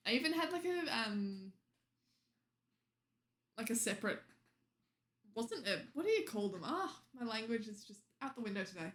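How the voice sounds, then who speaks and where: A woman's voice: a little high, big pitch swings, moderate pace, pauses often. A young woman streamer chatting casually with viewers late at night, teasing them and laughing often.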